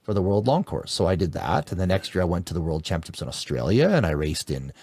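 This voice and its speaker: A Canadian endurance coach in his forties tells his story as a podcast guest, lively and enthusiastic, laughing his way through. He talks fast in a low voice with a breathy edge, and the recording is dry.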